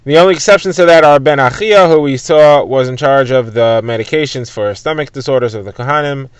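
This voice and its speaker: Brief: man, mid-pitched, dry close mic, casual Talmud teacher explaining terms as he goes. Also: brisk, clean tone, no room sound. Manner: conversational retelling, glossing Hebrew terms in English. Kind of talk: daily Talmud lesson, explained for listeners driving.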